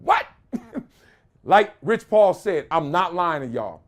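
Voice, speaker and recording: A high-voiced man hosts a podcast, giving animated, casual commentary, laughing often and slipping into quick impressions of other people.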